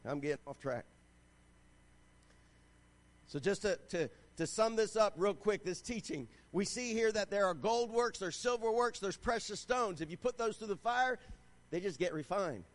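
A man preaching a sermon, his voice pitched high for a man. He reads scripture aloud and exhorts the congregation with growing fervor, often asking for an "Amen.". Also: animated, moderate pace. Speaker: pastor.

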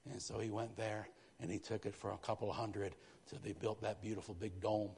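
A man preaching a sermon in a church, lively, with frequent asides to the congregation. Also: fairly low pitch, brisk, vocal fry, a little hiss or hum. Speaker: pastor. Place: church sanctuary. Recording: long hall reverb.

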